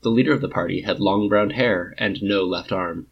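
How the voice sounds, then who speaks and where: Low husky male storyteller. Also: moderate pace, lo-fi sound. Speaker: narrator. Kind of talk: audiobook story reading.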